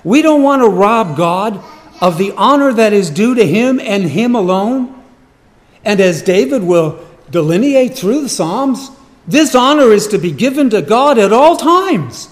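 A man's voice: sits high, expressive, a little slow. A man preaching a sermon, emphatic and repeating his key phrases. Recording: long hall reverb.

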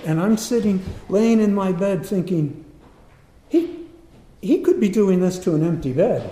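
Earnest preacher with a mellow voice. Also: male voice, high voice, measured pace. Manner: earnest, animated storytelling. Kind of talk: personal story told in a sermon. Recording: roomy echo.

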